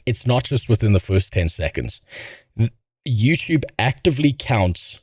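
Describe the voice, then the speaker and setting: A man's voice: medium pitch, darkish tone, dry recording. A man streaming casual reaction commentary, rambling and sarcastic with a lot of swearing.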